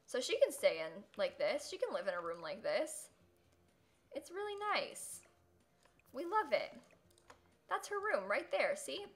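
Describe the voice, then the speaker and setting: A young woman streaming a life-sim game, chatting casually with viewers, giggling often and quick to dramatic outbursts. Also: on the high side, big pitch swings, a bit bright. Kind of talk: live gameplay commentary.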